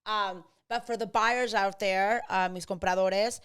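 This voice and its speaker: A woman real estate agent hosting a casual podcast chat, mixing English with Spanish and acting out clients in quick quotes. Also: mid-range voice, clear, resonant tone. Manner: switches between English and Spanish; animated, acts out buyers and agents in quotes.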